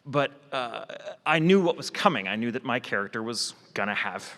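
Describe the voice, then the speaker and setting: A man, a voice actor and script writer, telling animated stories on a convention panel and acting out the lines he quotes. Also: mid-range voice. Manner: acts out quoted dialogue in varied voices, rapid storytelling. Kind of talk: animated anecdote-telling to an audience. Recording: reverberant convention hall.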